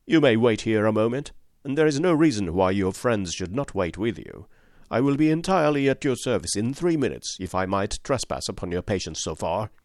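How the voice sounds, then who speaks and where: Man reading as a frightened middle-aged manager, strained politeness, raised pitch, lively swoops, storybook reading. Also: fairly quick, dry recording, studio quality. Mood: forced calm. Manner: strained, pleading, voice rising high. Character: panicky male company manager, barely holding together.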